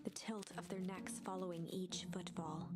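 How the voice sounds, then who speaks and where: A woman narrating a story game in a hushed, suspenseful voice that often drops to a half-whisper. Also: fairly low pitch, flat delivery, normal speed. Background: game music.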